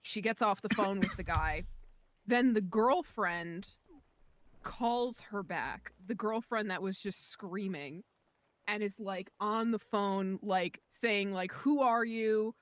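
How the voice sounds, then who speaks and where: On a voice call from home, a woman tells a friend a rambling story full of fillers, "likes" and side remarks. She speaks slowly in a medium-pitched voice.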